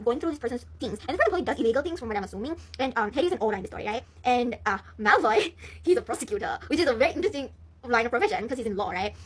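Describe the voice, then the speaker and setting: A woman's voice: a little high, breathy edge. A young woman rambling casually as she retells a story, with lots of fillers, swearing and laughter. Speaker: vlogger.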